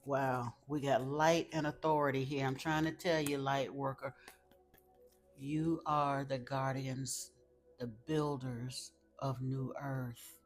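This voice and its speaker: A woman's voice: rumbling low, flat delivery, slow, soft background music. A woman giving an emphatic spiritual tarot reading to her viewers, repeating phrases for stress. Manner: emphatic, repeats phrases, gets teary, talks to viewers as y'all. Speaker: tarot reader.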